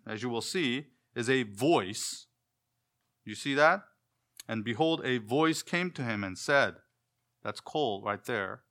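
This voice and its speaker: A man preaching an expository sermon, asking the listeners questions and answering them himself, often trailing off softer at the ends of phrases. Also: mid-range voice.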